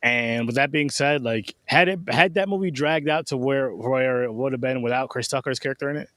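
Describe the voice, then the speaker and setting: A man co-hosting a casual movie review chat, excitable and swearing freely. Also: mid-range voice, brisk, dry recording. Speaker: podcast co-host.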